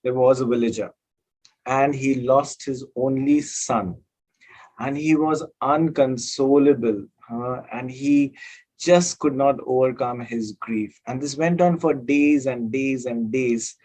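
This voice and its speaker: A man's voice: mid-range voice, a little mellow, rough recording. A man who works as a counselor tells a parable and then gives advice, talking with emphatic repetition and frequent hesitations. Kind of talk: storytelling and self-help talk.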